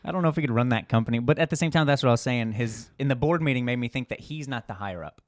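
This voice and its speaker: A man co-hosting a podcast in casual chat, animated and sarcastic, laughing often. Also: medium pitch, racing, no echo, studio quality. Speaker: podcast co-host.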